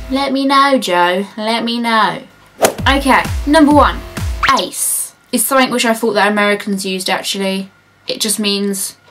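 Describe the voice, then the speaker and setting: A young woman with a southern English accent, chatting casually and animatedly in a vlog, with faint music behind her. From Brighton, southern England. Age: young adult. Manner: chatty and animated, jumping up in pitch for mock greetings. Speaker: vlogger.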